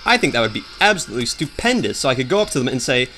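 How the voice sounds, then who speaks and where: A young man hosts a let's play, talking in a loose, rambling way with self-mocking asides. His pitch swings widely from line to line and sits in a middle register for a man. He jumps from one thought to the next like he is chatting with friends. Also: big pitch swings, racing, sharp tone, a little hiss or hum. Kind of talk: casual gameplay commentary.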